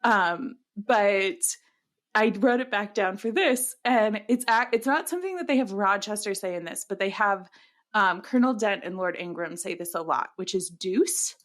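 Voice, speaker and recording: A woman's voice: medium pitch, moderate pace, fairly bright tone. A young woman co-hosting a podcast, chatting casually with many "like"s and "um"s and frequent laughter. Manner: chatty, lots of "like" and "um", laughs often. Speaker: podcast co-host. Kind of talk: casual chat.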